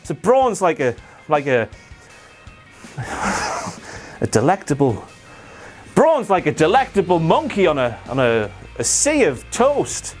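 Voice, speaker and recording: A man's voice: fairly high pitch, huge pitch swings, slow, long pauses, soft background music. A man hosting a comedic wrestling recap, sarcastic and profane, slipping into silly voices. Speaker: host.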